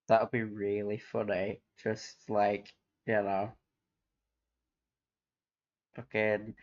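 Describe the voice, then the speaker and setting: A man with a fairly low, monotone voice hosts a live stream, speaking slowly and pausing often. He rambles in casual chat, laughs a lot and swears freely, all in dull lo-fi stream audio.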